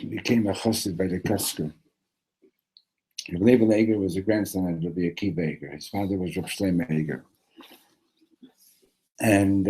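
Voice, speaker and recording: Husky-voiced man teaching a Torah class. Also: sits low, poor audio. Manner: acts out characters with sudden loud shouts; mixes in Hebrew and Yiddish terms.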